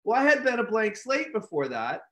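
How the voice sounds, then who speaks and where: Animated man telling a story on a live stream. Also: high voice, normal speed. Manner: animated storyteller, shouts to act out reactions. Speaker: host. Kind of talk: casual live-stream talk.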